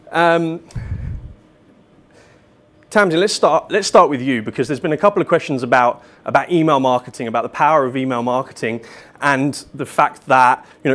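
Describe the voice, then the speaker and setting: A man with a mid-range voice hosts a panel in a large hall at a business event. He takes questions from the room and from online in an upbeat, casual way, with plenty of fillers. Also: medium pitch. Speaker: event host and moderator. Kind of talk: moderating a panel Q&A.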